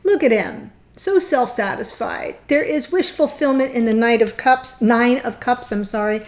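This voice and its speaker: A woman giving a gushing, excitable tarot reading, choked up and near tears. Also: fairly high pitch, normal speed. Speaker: tarot reader.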